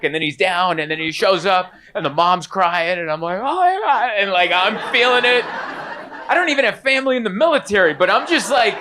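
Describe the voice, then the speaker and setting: A man performing a stand-up comedy set, animated and swinging into high, exaggerated bits.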